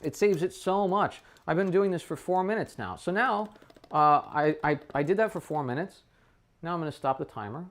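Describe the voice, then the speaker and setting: A trumpet teacher talking a student through his practice session, thinking aloud and often checking in with a quick "right?". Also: on the high side, expressive, a bit bright. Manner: thinks aloud with frequent restarts. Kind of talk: casual practice demonstration.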